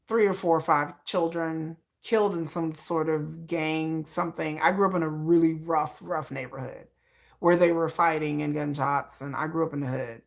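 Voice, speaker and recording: Middle-aged woman from michigan, slight texan accent, candid interview talk, rough fry in her voice. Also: deep voice, fairly even intonation, moderate pace. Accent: Texan-tinged. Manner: frank, rambling, repeats words and restarts.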